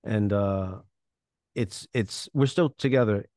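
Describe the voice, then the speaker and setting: Guy guest, lowish voice, earnest and halting, dry close sound. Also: mellow, no room sound. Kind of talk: casual interview.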